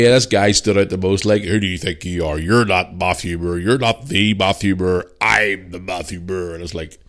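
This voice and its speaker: A man hosting his own podcast in a loose, chatty way, swearing freely as he talks to listeners. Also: sits low. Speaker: podcast host. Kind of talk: casual solo podcast chat.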